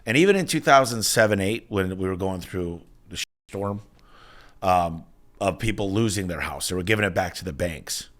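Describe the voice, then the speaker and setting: A man in his forties, a business owner telling stories as an interview guest in an energetic, emphatic way. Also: sits low, moderate pace. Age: 40s. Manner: energetic, emphatic storyteller with frequent restarts. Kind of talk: casual interview talk.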